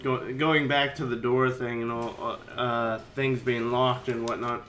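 A man giving casual let's-play commentary, rambling and chatty with sudden excited yelps. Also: mid-range voice, measured pace, slight background noise. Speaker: game commentator.

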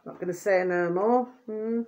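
A woman vlogger rambles to her viewers, repeating pet phrases and asking "do you see what I mean," often sounding irritated as she vents. Her voice is medium-pitched at normal speed, and the audio is dull and very noisy.

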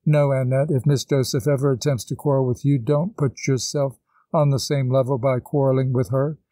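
A man voicing a kindly woman teacher who gently lectures a girl, in an audiobook reading. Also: mid-range voice, steady tone, normal speed, no room sound, lightly acted. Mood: earnest. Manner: patient, instructive.

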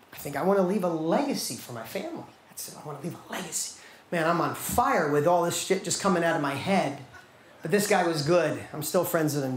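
Middle-aged man, motivational seminar speaker, emphatic, rhetorical questions, roomy hall echo, faint background hum. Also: on the high side. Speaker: guest speaker at a training seminar. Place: large event hall. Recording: echoey hall with faint ambience.

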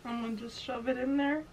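A woman's voice: fairly high pitch, steady tone, normal speed, soft background music. A young woman vlogger chatting casually, giggly and blunt, often saying "ew". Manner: giggly, blunt, says "ew" a lot. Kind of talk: casual chat.

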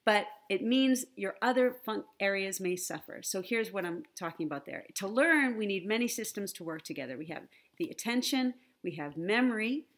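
A woman gives an online conference lecture over her slides in a friendly, teacherly way, often checking in with her listeners with "right?" and "okay?". Her voice sits in an ordinary middle pitch. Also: expressive, normal speed, few pauses. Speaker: conference speaker on the brain and language learning. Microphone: computer mic, online presentation.

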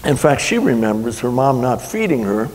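A man's voice: medium pitch, very animated, normal speed, a little mellow. A middle-aged man, a pastor, preaching a sermon in a folksy, rambling storytelling way with frequent restarts. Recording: long hall reverb.

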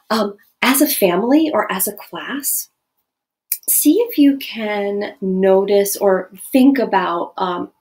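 A woman teaching a lesson to children and families in a gentle, questioning way. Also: medium pitch. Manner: gentle, questioning, animated demonstrations.

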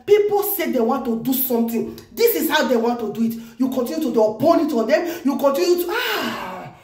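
A Nigerian woman vlogging news commentary in an excited, exclamatory way, repeating phrases for emphasis. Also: high voice, echoey room. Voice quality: animated, exclamatory, repeats herself.

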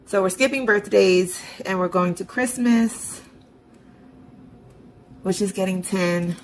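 A woman vlogger slowly narrates her online banking, budgeting and transferring bills while talking to herself chattily with sarcastic asides. Her voice is medium in pitch with gravelly vocal fry, and the rough recording has a little hiss or hum.

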